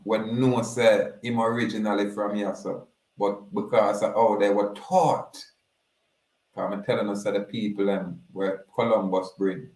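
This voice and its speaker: In an echoing room, a Jamaican man offers casual commentary, keeping his patois steady and low-key. His voice stays low and even, barely moving up or down, and he checks in with his listeners as he talks.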